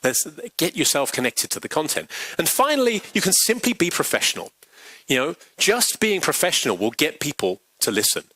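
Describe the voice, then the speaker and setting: A man giving a pitch coaching workshop, animated and acting out example quotes. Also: a little fast, dry recording, low-quality recording. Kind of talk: workshop talk. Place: large workshop venue.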